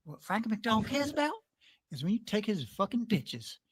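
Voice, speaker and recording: A woman's voice: medium pitch, very animated, brisk, breathy edge. A woman voicing a foul-mouthed, hot-tempered man who rants and threatens, referring to himself in the third person. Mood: aggrieved rant. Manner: threatening, profane, ranting.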